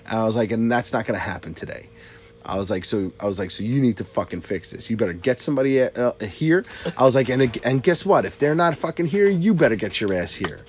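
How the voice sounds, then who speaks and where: A man's voice: mid-range voice, darkish tone, husky. A man in his thirties telling a story in casual chat, swearing a lot and restarting his sentences often. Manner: profane, rambling with many restarts.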